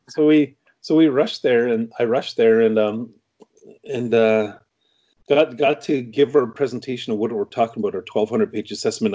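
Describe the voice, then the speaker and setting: A man's voice: on the low side, darkish tone, highs cut off. A middle-aged man from Canada, an interview guest, telling a story casually with many restarts and fillers.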